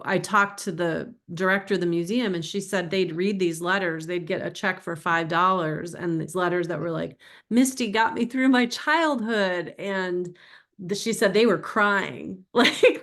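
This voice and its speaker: A woman's voice: fairly low pitch, fairly bright tone. A middle-aged woman author giving an informal, chatty talk about her book to an audience, digressive and emotional as she tells stories.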